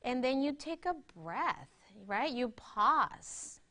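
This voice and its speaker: With a high, bright, forceful voice that's very animated, she moves at a slow pace. In her workshop she leads a breathing exercise, teaching conversationally and checking on listeners again and again with "right?".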